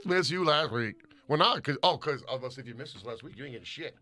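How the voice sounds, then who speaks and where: A man co-hosting a casual podcast, talking loudly and profanely while he reads out listener shout-outs. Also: mid-range voice, expressive, a little fast, no room sound. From Michigan. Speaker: podcast co-host.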